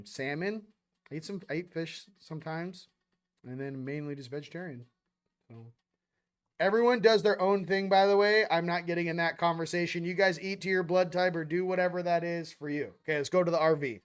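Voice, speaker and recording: A man's voice: fairly high pitch, normal speed, clear, resonant tone. A young man hosting a casual spiritual livestream monologue, loose and slangy, rambling with quoted asides. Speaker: spiritual channel host.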